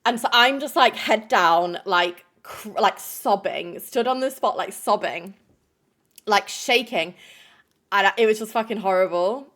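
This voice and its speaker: A woman's voice: mid-range voice, measured pace, fairly bright tone. A woman streamer telling chat a stressful story in a rambling, emotional way, full of fillers.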